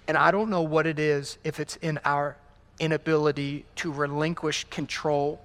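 Male pastor, slightly raised pitch, story-driven sermon delivery with rhetorical questions. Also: a bit bright.

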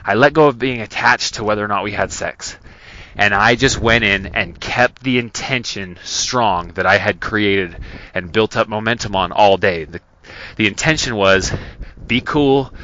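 Bright-voiced man telling a personal story. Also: lowish voice, a little hiss or hum. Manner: earnest, conversational, with many restarts. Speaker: podcast host. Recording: dull lo-fi recording.

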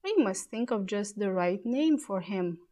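A woman voicing an excited, eager young boy in a storybook reading, exclaiming breathlessly. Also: medium pitch, unhurried. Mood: delighted.

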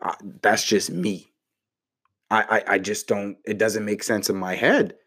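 A young man casually giving relationship advice to the camera in a playful, slangy way, jumping up in pitch for mock outrage. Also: level tone, a little slow, a bit bright, slightly rough.

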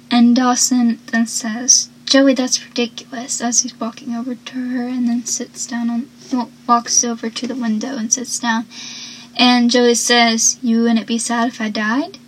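A woman's voice: fairly high pitch, slight background noise, poor audio. A woman chatting casually as she recaps a TV show, rambling and acting out the characters' lines. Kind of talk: casual chat.

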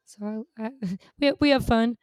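A woman guitarist chatting casually on a podcast, relaxed and rambling with many fillers, her voice tired from long sessions. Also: a little high, a little slow, clear, resonant tone, dry recording, clean studio sound. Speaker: guest guitarist. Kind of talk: casual chat.

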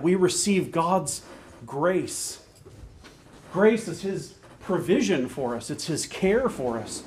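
Male pastor, higher-pitched voice, earnest preaching with slow repeated emphasis. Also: a little mellow. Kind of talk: sermon.

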